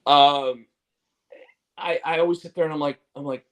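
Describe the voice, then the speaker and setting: A man's voice: a little high, moderate pace, long pauses, poor audio. A man co-hosting a casual talk show, rambling through restarts and fillers, candid and casual with swearing. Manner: rambling, repeats words and fillers. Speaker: podcast co-host. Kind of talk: casual chat.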